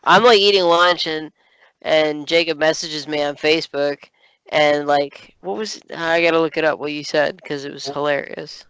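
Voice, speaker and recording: Chatty man with a smooth, bright voice. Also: a little high, normal speed, dry recording, dull audio. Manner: animated storytelling with many fillers. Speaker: podcast co-host. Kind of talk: casual chat.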